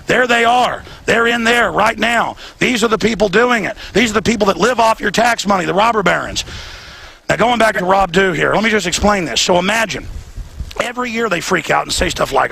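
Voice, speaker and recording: Gravelly, forceful man ranting outdoors. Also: high-pitched, slight background noise. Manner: fervent, rapid, repetitive ranting. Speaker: host. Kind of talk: heated on-location commentary. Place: outdoors outside an event venue.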